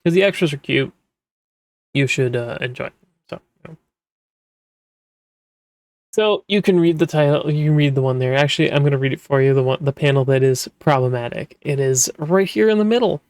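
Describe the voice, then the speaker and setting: A man's voice: on the high side, fairly quick, long pauses, a little mellow, no echo. Rambling man with a dry close sound. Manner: rambling, with many fillers and restarts. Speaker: manga translator, podcast host. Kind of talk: casual explanatory talk.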